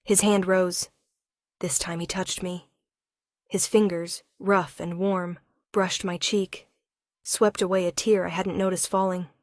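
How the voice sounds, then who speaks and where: A woman narrating a first-person romance story in an emotional, measured way. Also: on the low side, level tone, a little mellow, no echo, clean studio sound.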